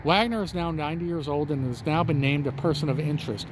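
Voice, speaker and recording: A man's voice: on the high side, fast, background noise. A man hosting a true-crime vlog, talking in a chatty, folksy way to his viewers while standing outdoors on a residential street. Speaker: channel host.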